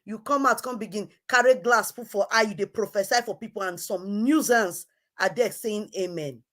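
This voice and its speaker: A woman's voice: medium pitch, moderate pace. A woman hosting an online show, scolding someone in a heated, repetitive rant. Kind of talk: heated live-stream rant.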